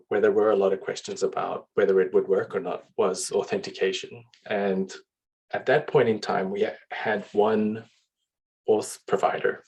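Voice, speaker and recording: A man speaking as a panel guest, explaining in a measured way with frequent "uh"s. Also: on the low side, darkish tone, breathy edge, low-quality recording. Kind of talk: casual panel talk.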